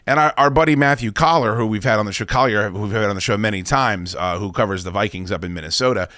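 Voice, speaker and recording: A man hosting a podcast, telling stories in a casual, animated way and swearing often. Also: on the low side, quick pace, dry recording, clean studio sound. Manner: animated storyteller, swears freely, laughs a lot. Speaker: podcast host. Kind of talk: casual chat.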